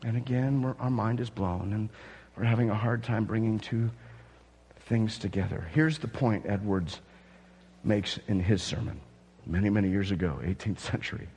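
A man's voice: lowish voice, normal speed, darkish tone, husky, long reverb tail. A man preaching a sermon to his church, reading scripture and dramatically acting out awed onlookers in rising outbursts. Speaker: pastor.

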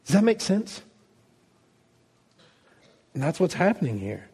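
A man preaching a sermon, telling a story with animated delivery and acting out quoted lines. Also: on the high side, normal speed, long pauses, breathy edge, big-room sound. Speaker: pastor.

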